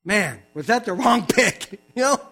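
An older man preaching, telling a humorous personal testimony with animated storytelling and quick asides. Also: sits high.

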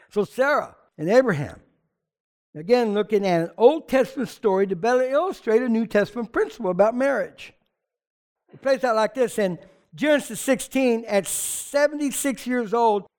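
Animated conversational male preacher. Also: high-pitched. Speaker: pastor. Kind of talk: sermon.

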